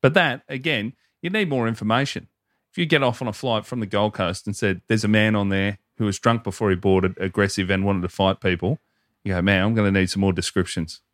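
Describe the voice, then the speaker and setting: Low-voiced, laughing Australian man. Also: fairly even intonation, a little fast, a bit bright, no echo, clean studio sound. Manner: laughs often, joking. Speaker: podcast co-host. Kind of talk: casual comedic chat.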